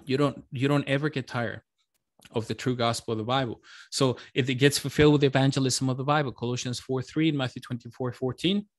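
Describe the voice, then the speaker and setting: A man's voice: mid-range voice, fairly even intonation, quick pace. A man preaching a sermon as pastor, earnest and emotional, often repeating his phrases.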